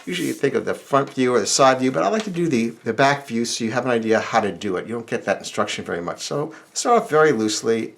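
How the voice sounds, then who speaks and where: A middle-aged drawing instructor explains a lesson step by step as he sketches, talking fast with few pauses in a relaxed, think-aloud way. His voice is gravelly with lively, animated pitch, over soft scratching of pencil and marker.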